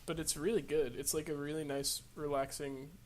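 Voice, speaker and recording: Easygoing podcast co-host, mid-pitched voice. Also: level tone, normal speed. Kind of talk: casual chat.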